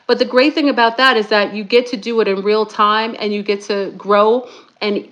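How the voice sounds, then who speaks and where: A middle-aged woman hosting a casual talk stream, speaking in a chatty, animated way and calling her viewers y'all. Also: mid-range voice. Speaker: YouTube spiritual talk host.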